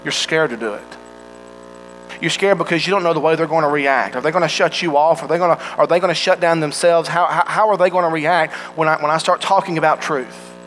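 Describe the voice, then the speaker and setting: A man's voice: a little high, brisk, fairly bright tone, slight background noise, rough recording. A man preaching a sermon in an earnest way, asking his listeners direct questions.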